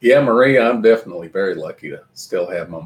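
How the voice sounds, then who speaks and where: A hoarse middle-aged man with a Southern Kentucky accent hosts a casual live chat. His pitch swings up and down as he jokes and laughs his way through viewers' comments. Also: expressive, fast talker, slight background noise. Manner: chatty, joking, laughs often. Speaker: livestream host.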